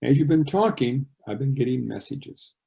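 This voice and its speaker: A man's voice: medium pitch, normal speed, vocal fry, warm tone, lightly acted. A man reading aloud and voicing a troubled woman medium in a storybook reading over a video call. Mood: hesitant.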